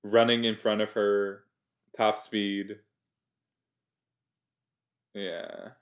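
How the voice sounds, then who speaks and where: A man giving chatty, excitable reaction commentary as he watches a TV episode, gasping and exclaiming along. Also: lowish voice, extremely slow. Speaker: reaction video host.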